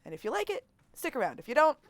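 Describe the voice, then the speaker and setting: A woman's voice: high voice, wildly swooping pitch, fast talker, no room sound. A young adult woman streaming a game at home, chatting in a rambling, giggly way with lots of fillers, on a desk microphone. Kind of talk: casual game-stream chat.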